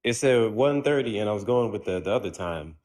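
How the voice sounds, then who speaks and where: A man's voice: fairly low pitch, lively intonation, a little fast, a little mellow. A man chatting on a livestream panel as a moderator, laid-back and blunt when he pushes back. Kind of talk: casual panel chat.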